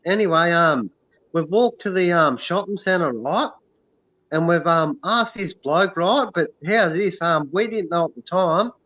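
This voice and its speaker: A man's voice: sits high, expressive, a little slow. An Australian man telling a long casual story, full of "um" and "right?" asides. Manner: rambling, many "um" and "right?". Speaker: stream co-host. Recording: dull lo-fi sound.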